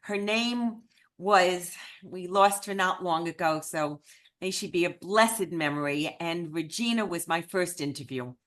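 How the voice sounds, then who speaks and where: A woman giving a personal storytelling talk at a remembrance event, expressive and lively. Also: lowish voice, a little slow.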